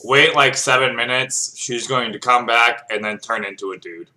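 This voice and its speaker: Bright-voiced laid-back young player. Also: male voice, medium pitch, moderate pace. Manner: laid-back, laughing, joking. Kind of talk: tabletop role-play chat.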